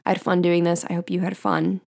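Young female podcaster, slightly low voice, bubbly and casual, solo chat. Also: little pitch movement, fairly quick, gravelly, a little mellow. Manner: chatty and bubbly, reading listener comments aloud. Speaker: podcast host.

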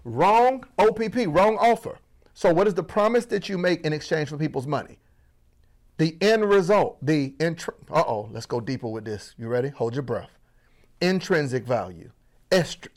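A man from Florida coaching on business, talking to the audience as family with a playful, animated delivery. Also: on the high side. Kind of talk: energetic motivational teaching.

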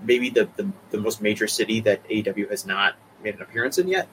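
Bright-voiced Boston man, animated. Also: on the low side, fast talker, slight background noise, rough recording. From Boston area. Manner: animated and opinionated. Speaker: podcast co-host. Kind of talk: casual wrestling news chat.

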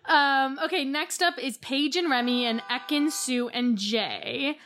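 A woman's voice: high voice, unhurried, a bit bright. A young woman co-hosting a casual podcast, wryly recapping episodes from her notes. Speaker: podcast co-host. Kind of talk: casual chat recapping a reality show.

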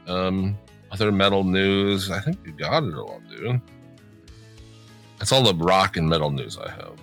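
A man co-hosts a casual podcast, talking in a low voice with a bright, forceful edge. He rambles, swears often, and leans on fillers. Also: animated, unhurried, gravelly, soft background music. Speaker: podcast co-host. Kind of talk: casual chat.

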